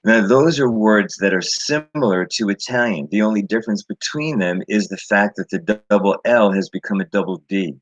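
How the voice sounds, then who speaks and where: A middle-aged man giving an informal talk comparing languages, explaining slowly with fillers and repeated words. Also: lowish voice, dry recording, muffled recording. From grew up with Sicilian. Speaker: presenter.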